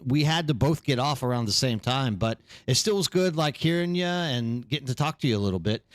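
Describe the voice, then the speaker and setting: A man's voice: on the high side, fairly bright tone. A man hosting a live game stream, chatting casually and rambling while greeting viewers by name. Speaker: streamer host.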